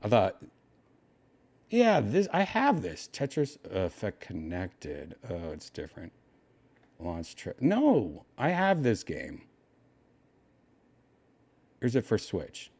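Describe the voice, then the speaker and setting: A man's voice: low-pitched, very animated, takes it slowly, pauses often, darkish tone, breathy edge. A man hosting a podcast, giving casual, exasperated reaction commentary and swearing often. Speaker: podcast host.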